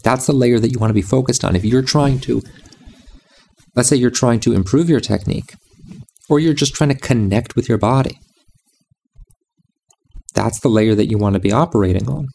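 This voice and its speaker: A man's voice: mid-range voice, normal speed, gravelly, long pauses, darkish tone, slight background noise. A man giving a reflective monologue about music and meditation, insistent and repeating his phrases.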